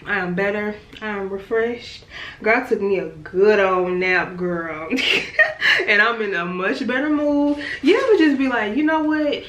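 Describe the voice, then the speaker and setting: A woman's voice: mid-range voice, bright, forceful tone. A pregnant young woman venting to her viewers in a casual vlog, swearing freely, laughing often, and calling her audience "girl" and "y'all". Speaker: vlogger.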